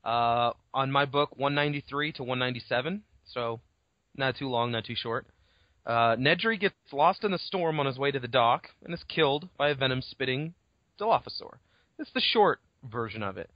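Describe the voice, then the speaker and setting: A man co-hosting a casual book podcast, talking in an animated way and swearing freely as he acts out scenes. His voice sits at an ordinary middle pitch. The recording is dull and lo-fi but dry, with no room sound. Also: normal speed, no echo. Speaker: podcast co-host.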